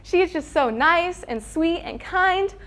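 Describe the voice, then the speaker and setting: A woman's voice: very high voice, lively intonation, unhurried, a bit bright. A teenage girl performing a stand-up routine, acting out family members in different voices. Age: teens. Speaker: student comedian.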